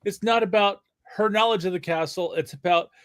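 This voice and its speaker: A man in casual chat about his writing, halting with many restarts. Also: sits high, a bit bright. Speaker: writer guest.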